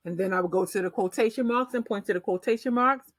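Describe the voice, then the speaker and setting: A woman teacher explaining early reading skills to parents in a slow, deliberate instructional way. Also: medium pitch, steady tone, no echo. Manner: slow, deliberate modeling of read-aloud pacing.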